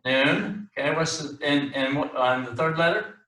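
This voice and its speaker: A man teaching a class, his speech halting and full of restarts with the odd joke. His voice is bright and forceful. He sounds set back from the mic in an echoey room. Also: a little high, far from the mic. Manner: halting, many restarts and fillers, joking. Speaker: Hebrew teacher.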